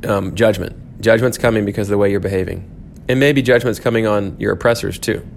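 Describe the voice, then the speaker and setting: A man's voice: on the low side, steady tone, brisk, gravelly, a little hiss or hum. A man teaching a church class, thinking aloud with frequent restarts and fillers.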